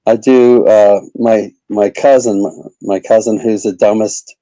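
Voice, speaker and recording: A man's voice: fairly low pitch, steady tone, unhurried, dark tone, no room sound, rough recording. A man who is a comedian, rambling casually as a guest in an interview. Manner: rambling, chatty, lots of fillers.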